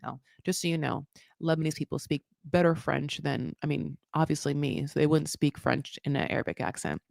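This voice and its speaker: Chatty low-voiced woman recapping. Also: a little fast, gravelly, darkish tone, dry recording, clean studio sound. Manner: chatty, full of "like" fillers, swears freely; acts out quotes in high mock voices. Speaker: recap show host. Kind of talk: casual commentary recap.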